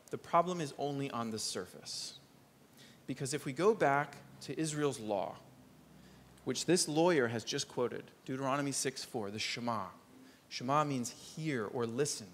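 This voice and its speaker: Brief: male preacher delivering a sermon, earnest, voice a touch high, leaning into key lines then dropping soft. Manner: earnest, rises for emphasis and drops low to stress points.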